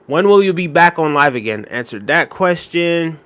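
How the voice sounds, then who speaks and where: Relaxed man chatting on a livestream. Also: on the high side. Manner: reads viewer comments aloud, quick apologies, warm shout-outs; relaxed, repeats phrases, frequent fillers. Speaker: livestream host. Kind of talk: casual livestream chat.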